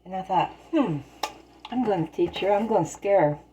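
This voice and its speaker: A woman's voice: mid-range voice, expressive, normal speed, dull audio, background noise. A woman telling folksy stories in plain, rural turns of phrase while she bakes in her home kitchen. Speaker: storyteller and home baker. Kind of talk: casual spoken storytelling while baking.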